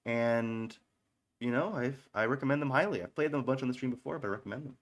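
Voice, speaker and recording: A man's voice: mid-range voice, fast talker. A man in his thirties hosting a radio-style stream, talking casually between songs in a rambling, offhand way, swearing often and making self-mocking jokes. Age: 30s. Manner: self-mocking, joking asides. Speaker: online radio stream host.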